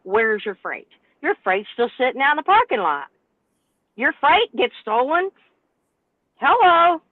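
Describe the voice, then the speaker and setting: A woman, a truck driver telling an exasperated, animated story on a podcast panel. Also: sits high, a little slow, dry recording. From North Carolina, US. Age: 60s. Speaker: truck driver and owner operator, panel guest. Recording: tinny phone-like line, dry.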